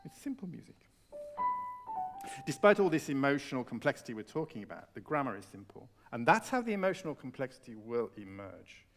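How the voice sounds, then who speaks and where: A man leading a piano masterclass on a concert hall stage, coaching a student with expressive enthusiasm. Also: mid-range voice, fairly quick. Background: piano playing.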